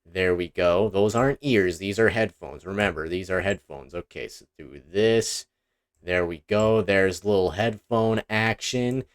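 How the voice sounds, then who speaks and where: Low-voiced and a bit slow, this online video creator offers silly, self-deprecating commentary while he draws, wandering off track and starting over frequently. He's using a desk microphone and headphones, and a face cam is on.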